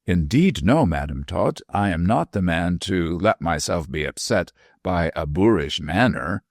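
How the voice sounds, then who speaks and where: A man's voice: low voice, expressive, unhurried, no echo, studio quality, exaggerated voice. A man voicing a young male fiddler in love, earnest and easily flustered, in a storybook reading. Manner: hesitant, defiant, pleading.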